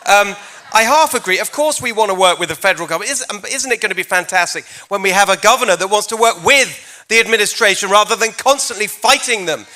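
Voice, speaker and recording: A man's voice: high-pitched, expressive, quick pace, pushed and bright. A man with a non-American accent giving an upbeat, joking campaign speech at a live forum in a church before an audience. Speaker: governor candidate.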